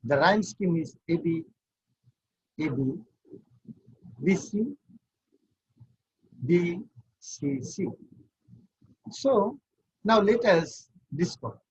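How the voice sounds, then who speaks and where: A man's voice: high-pitched, animated, extremely slow, long pauses, breathy edge, lo-fi sound. A man giving an online university class, explaining step by step and counting things out. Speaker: university lecturer.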